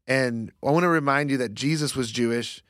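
A man talking through a Bible passage in a casual faith discussion, reflective and halting, with many fillers and restarts. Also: mid-range voice, a bit bright, no room sound, clean studio sound.

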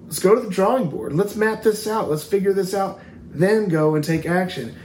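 A man's voice: high-pitched, moderate pace, a little mellow. A man co-hosting a faith talk show, speaking in an earnest, emphatic, preaching style. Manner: earnest, emphatic, rising in intensity. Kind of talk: preaching-style casual chat. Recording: echoey room with faint noise.

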